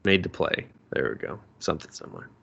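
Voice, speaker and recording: Man, podcast co-host, casual movie talk, animated and crude, lowish voice, bright forceful tone. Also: fast talker, gravelly. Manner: animated, profane, jumps to high pitch for jokes. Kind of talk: casual movie review chat.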